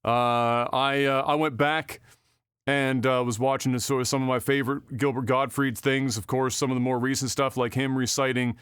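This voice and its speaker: A man's voice: medium pitch, level tone, moderate pace, a bit bright, smooth, no echo, clean studio sound. Rambling, profane podcast host man. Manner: rambling, profane, with frequent fillers. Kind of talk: casual podcast chat.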